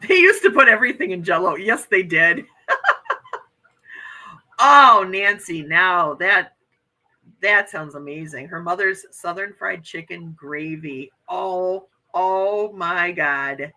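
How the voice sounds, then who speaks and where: A woman's voice: on the low side, expressive, unhurried, sharp tone, low-quality recording. A woman in her fifties hosting a casual morning livestream chat, reading out viewer comments and gushing with frequent exclamations. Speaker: livestream host.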